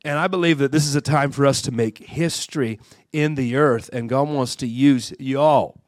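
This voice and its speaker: A man's voice: mid-range voice, normal speed, no echo, clean studio sound. Fervent man preaching at a conference. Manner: stumbling restarts, building to fervent shouts. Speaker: guest preacher. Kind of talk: sermon. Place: church conference hall.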